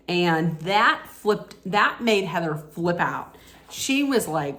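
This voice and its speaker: A woman's voice: on the low side, big pitch swings, slow, fairly bright tone. A woman vlogger recapping a reality TV episode in a casual, chatty way, retelling scenes and quoting lines with frequent restarts.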